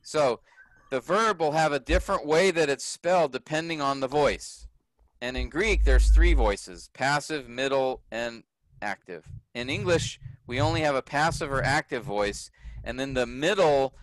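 A man's voice: medium pitch, a bit bright, dry recording, low-quality recording. A man teaching a class, explaining grammar patiently and often checking whether his students follow.

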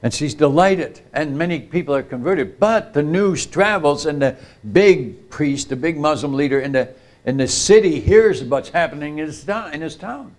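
Speaking at normal speed in a high, animated voice, an older male missionary preaches at a retreat camp meeting. He tells a story within the sermon, acts out the quoted voices, and often breaks off to address the audience with asides.

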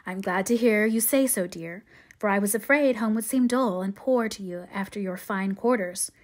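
A woman's voice: mid-range voice, normal speed, natural voice. A woman reading aloud as a wise middle-aged mother advising her daughter. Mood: tender.

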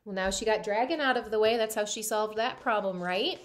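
A woman teacher reading a picture book aloud to a class, stopping often to ask the students questions in an animated way. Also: mid-range voice, brisk.

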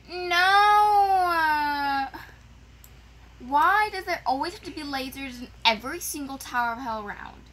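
High, lively, frustrated woman gamer. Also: fairly quick, hardly any pauses, poor audio. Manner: frustrated, exclaiming, dramatic complaints. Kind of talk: casual gameplay chat.

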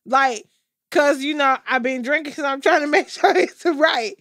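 A woman's voice: high-pitched, moderate pace, fairly bright tone, no room sound, clean studio sound. A woman co-hosting a casual podcast chat, sounding exasperated and repeatedly saying she is done. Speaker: podcast co-host.

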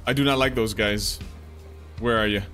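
A man's voice: on the low side, steady tone, normal speed. A man giving playful live commentary while playing a video game, chanting gunshot sounds as he goes. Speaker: let's play gamer. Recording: game music playing underneath. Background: video game music.

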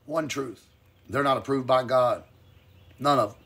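This male preacher's voice is mid-range and a bit rough. Teaching the Bible over a live stream, he alternates between booming and hushed with emphatic fervor, then reads the verses slowly and with care.

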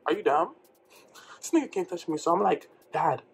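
A young man from New York telling a comedic storytime in slangy, animated speech with loud outbursts. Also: sits high, fairly quick, vocal fry, a little hiss or hum. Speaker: vlogger.

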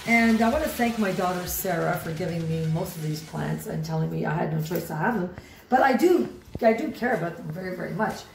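A middle-aged woman talks warmly and ramblingly as she shows off her houseplants, admiring each one while unsure of what it's called. Her voice sits at a middle pitch in a roomy, echoey home. Music plays clearly behind her. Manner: enthusiastic, rambling, unsure of plant names. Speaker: mother giving a houseplant tour. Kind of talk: casual home video tour. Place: home room with plants.

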